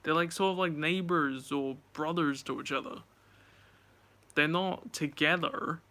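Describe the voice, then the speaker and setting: Young guy rambling a story at the camera, kinda high, bright clean voice, swears a lot. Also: measured pace. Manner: chatty, swears, retells dialogue animatedly. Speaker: vlogger.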